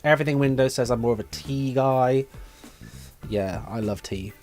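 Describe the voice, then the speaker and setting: A young man hosts a casual live stream from a desk mic in a room at home with his dog, musing aloud and reading viewers' chat messages. His voice is mid-range with a darkish tone at normal speed, and soft music plays in the background.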